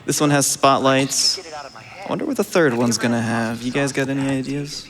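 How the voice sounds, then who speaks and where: A man's voice: mid-range voice, normal speed, fairly bright tone, long reverb tail. A young man playing a speedrun at a charity event, casually explaining the route and laughing often. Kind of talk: casual live commentary while playing.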